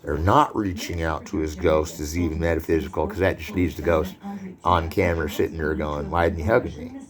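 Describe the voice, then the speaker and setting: A man's voice: rumbling low, steady tone, a little fast, a crowd in the background. A man lecturing on film in a loose, rambling way, drifting into digressions and asides. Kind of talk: unscripted lecture.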